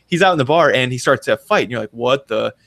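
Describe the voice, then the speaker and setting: A man in his thirties co-hosting a casual podcast, animated and telling stories with acted-out quotes. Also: mid-range voice, rapid-fire, dry recording. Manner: animated storyteller, acts out quotes in big voices. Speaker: podcast co-host. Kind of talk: casual chat.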